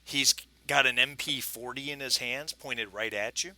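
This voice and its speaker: A man runs a tabletop game as game master, describing scenes in a loose, chatty way full of fillers and restarts. His voice is very bright at a middle pitch. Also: moderate pace, no room sound. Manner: chatty, frequent fillers and restarts, laughs often.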